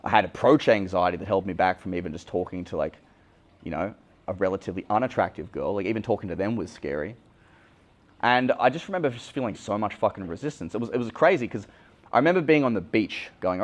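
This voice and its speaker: Blunt young Australian man, lowish voice. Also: expressive, quick pace. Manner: casual, blunt, swears freely. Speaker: dating coach. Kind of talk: candid vlog monologue.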